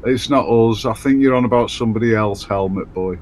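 A British man casually chatting with callers on his live stream in a relaxed, slangy way. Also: lowish voice, fairly quick, a little hiss or hum.

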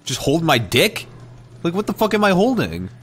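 A young man giving excitable let's play commentary as a gaming streamer, swearing freely and reacting loudly to the game. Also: a little high, moderate pace, slightly rough.

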